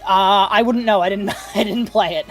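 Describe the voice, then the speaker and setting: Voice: mid-range voice, steady tone, moderate pace, over music. Rambling panelist full of fillers. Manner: rambling, filler-heavy, laughing easily. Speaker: podcast panelist. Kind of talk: casual panel chat.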